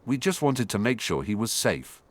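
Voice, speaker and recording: A man voicing a calm, earnest young wizard boy. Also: on the low side, moderate pace. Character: calm eleven-year-old wizard boy.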